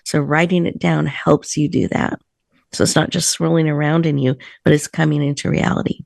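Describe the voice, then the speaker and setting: Host type: woman guiding meditation, slow and soothing, slight vocal fry, dry close sound. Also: sits low, little pitch movement, dry recording. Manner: soft, slow, soothing guidance. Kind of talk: guided breathing meditation. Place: virtual room, video call. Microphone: video call.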